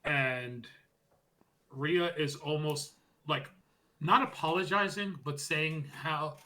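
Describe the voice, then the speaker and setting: Animated, bright-voiced man retelling wrestling. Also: a little high, slow pace. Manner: animated storytelling, acts out quotes loudly. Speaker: podcast co-host. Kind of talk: casual wrestling recap chat.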